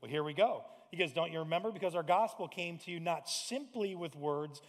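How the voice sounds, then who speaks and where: A pastor in his forties delivers a lively sermon with a slightly raised voice. He acts out little scenes and sometimes bursts into shouted lines. His voice rings with the long reverb of a large church hall. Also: on the high side, brisk, hardly any pauses. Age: 40s.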